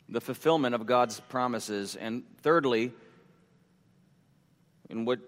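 A pastor delivers a sermon at a slow, measured pace, pausing between phrases and repeating key points. His voice sits at an ordinary male pitch. The sound carries a long reverb, as in a church sanctuary. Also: a bit bright. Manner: slow, deliberate preaching with repeated headings.

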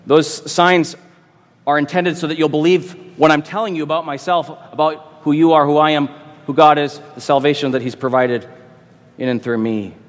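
A man's voice: fairly high pitch, fairly even intonation, moderate pace, long reverb tail. A man who is a pastor, preaching an expository sermon with emphatic repetition and rhetorical questions.

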